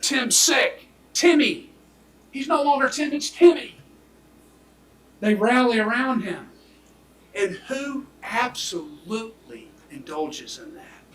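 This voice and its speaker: A man delivers a prosecutor's closing argument, speaking emphatically and swinging between loud declarations and hushed near-whispers. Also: extremely high pitch, animated, measured pace. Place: courtroom. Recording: echoey courtroom audio from far off.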